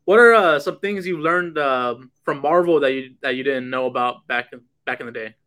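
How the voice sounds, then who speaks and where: A male podcast host whose voice is bright and sharp. He asks his guest casual questions and hesitates often as he goes. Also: medium pitch, normal speed. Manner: hesitant, many uh fillers.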